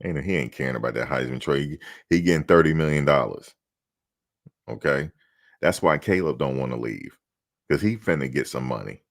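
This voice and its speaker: A man hosting a casual sports talk show, joking and acting out mock quotes in an animated, laid-back way. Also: very deep voice, brisk, gravelly.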